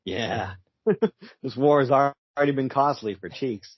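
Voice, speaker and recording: A man's voice: medium pitch, measured pace, husky, no room sound, dull audio. A man co-hosting a comic podcast in casual chat, laughing often as he reads out the panels. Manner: chuckly, laughs often while reading out panels. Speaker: podcast co-host.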